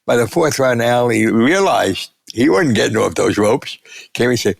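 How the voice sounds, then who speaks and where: Older male storyteller, gravelly, lively anecdotes with acted-out quotes. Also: mid-range voice, normal speed, no room sound, clean studio sound. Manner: animated anecdotes, acting out quotes. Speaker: sportswriter guest. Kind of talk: storytelling interview.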